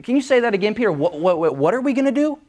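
A man voicing a puzzled male apostle who questions what he has just heard, speaking in a high, hesitant, stammering way. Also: big pitch swings, rapid-fire, a little mellow.

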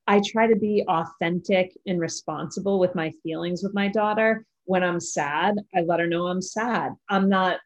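A woman's voice: on the low side, moderate pace, hardly any pauses. A woman hosting a casual podcast chat, candid and laughing through her stories. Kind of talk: casual conversation. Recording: dull lo-fi audio.

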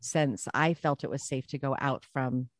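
A woman guest telling a personal story in a casual podcast chat, animated and repeating phrases for emphasis. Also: a bass voice, normal speed, no echo.

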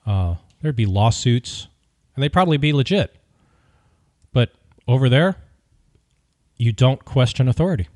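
A man hosts a podcast and tells a story in an opinionated, wry, animated way. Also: medium pitch, unhurried, no room sound, clean studio sound. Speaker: podcast host. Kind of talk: casual storytelling.

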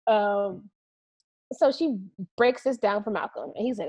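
A woman co-hosting a podcast, casually retelling a movie plot with lively asides and laughter. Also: mid-range voice, measured pace, slightly rough. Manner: animated storytelling with quoted voices and laughter. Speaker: podcast co-host. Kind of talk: casual movie review chat.

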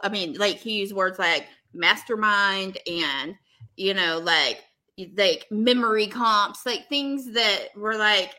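A woman co-hosting a casual recap chat, telling the story with lively acted-out quotes. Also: on the high side. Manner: animated storyteller who acts out quotes. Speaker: podcast co-host.

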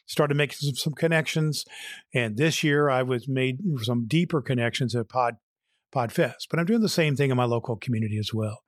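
A man's voice: medium pitch, moderate pace, no room sound, studio quality. A man hosting a podcast, giving earnest, motivational encouragement and telling a joke. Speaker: podcast host.

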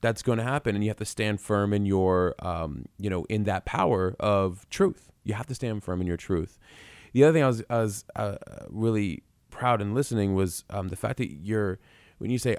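A man's voice: fairly low pitch, moderate pace, darkish tone, no room sound, studio quality. A man hosting a casual spiritual conversation, speaking in a rambling, reflective way. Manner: rambling, many fillers, reflective.

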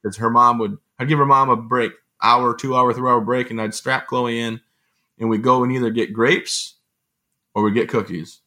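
A man telling stories as an interview guest, in an animated, rambling conversational way. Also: medium pitch. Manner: fast, animated storytelling with rambling asides. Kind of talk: conversational storytelling.

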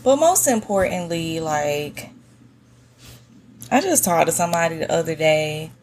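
Solo podcast host, woman, soft monotone, lowish voice, unhurried laid-back slang. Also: a little hiss or hum. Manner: relaxed, slangy, many fillers. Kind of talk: casual solo podcast talk. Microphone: podcast mic on a stand.

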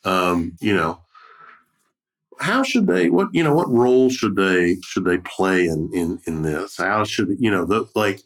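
A man's voice: sits low, lively intonation, a little slow. A man hosting a podcast, talking casually and rambling with many fillers and restarts. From United States. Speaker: podcast host. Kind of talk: casual conversation.

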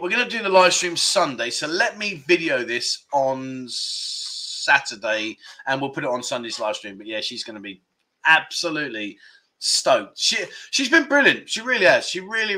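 A man's voice: mid-range voice, big pitch swings, moderate pace, pushed and bright. A man in his fifties hosting a casual livestream, chatting candidly and reading out viewer comments with frequent chuckles. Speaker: livestream host.

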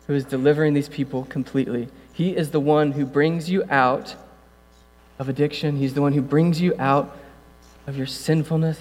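A male pastor giving a casual sermon, talking conversationally with jokey asides and building to loud, passionate preaching. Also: on the high side. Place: church room. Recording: long hall reverb, mains hum.

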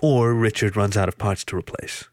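Man doing a calm otter team leader. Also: fairly low pitch, moderate pace, no room sound, natural voice. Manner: calm, dry.

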